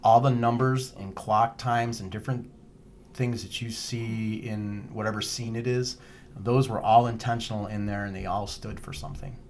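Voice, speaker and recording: A man's voice: fairly low pitch, fairly even intonation, normal speed, a little hiss or hum. Rambling male podcast co-host. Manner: rambling, jokey, goes on tangents. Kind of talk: casual chat.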